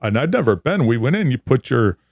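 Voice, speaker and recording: A man's voice: mid-range voice, very animated, brisk, darkish tone, no room sound. A middle-aged man hosting a podcast, rambling and often correcting himself mid-sentence, with casual swearing. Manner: rambling, self-correcting, profane. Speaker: podcast host. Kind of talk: casual chat. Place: studio.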